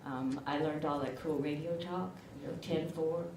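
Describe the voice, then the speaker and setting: An older woman from southern Illinois, an award recipient with a rural southern Illinois accent, gives a chatty, self-deprecating acceptance speech at a podium mic. Her voice is low with fairly even intonation and a moderate pace. The recording comes from far off in an echoey room, with background noise.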